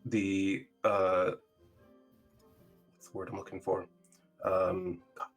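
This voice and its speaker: A man narrating a tabletop game as dungeon master, halting and searching for words with many fillers. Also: deep voice, flat delivery, faint music behind.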